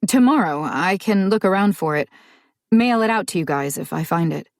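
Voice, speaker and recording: A woman voicing an anxious young woman who is a people-pleaser and speaks in a quick, placating way. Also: low voice, lively intonation, vocal fry, dry recording, studio quality. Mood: eager.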